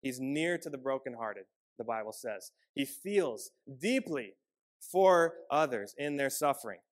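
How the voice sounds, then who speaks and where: A man preaching a sermon as a pastor, earnest and measured, often dropping softer on key lines. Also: medium pitch, expressive.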